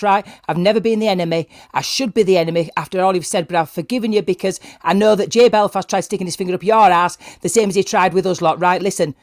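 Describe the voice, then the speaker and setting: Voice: mid-range voice, fast talker, hardly any pauses, dry recording, studio quality. A livestream panel member giving a sweary, threatening warning with repeated ultimatums.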